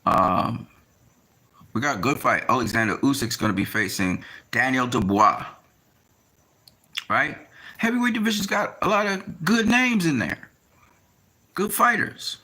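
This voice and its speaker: A man talking casually in a rambling monologue, often pausing with fillers as he tries to recall names. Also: mid-range voice, expressive, sharp tone. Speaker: boxing commentator.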